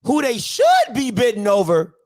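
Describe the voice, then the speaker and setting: A man hosting a sports commentary show, talking in a joking, animated way and repeating phrases for emphasis. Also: high voice, normal speed. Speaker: show host.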